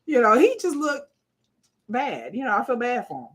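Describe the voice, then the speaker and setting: A woman, hosting a live watch party with blunt, profane, animated casual commentary. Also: a little high, moderate pace, slightly rough. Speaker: live-stream host.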